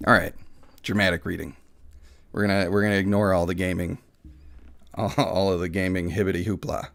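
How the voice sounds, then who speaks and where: A man's voice: fairly low pitch, steady tone, fast. A man hosting a mobile gaming channel, chatting casually, laughing often and joking at his own expense, with bits of dramatic reading.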